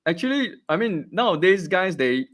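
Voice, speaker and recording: A man's voice: high-pitched, big pitch swings, normal speed, fairly bright tone, a little hiss or hum. A man with a Singaporean English accent hosting a casual interview, giving short replies and hesitant remarks. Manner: brief backchannel replies, hesitant.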